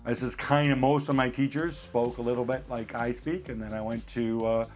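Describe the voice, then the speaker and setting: A man from Italy with a mid-Atlantic English accent, talking as a football pundit in measured, wry panel chat. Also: medium pitch, level tone, faint music behind.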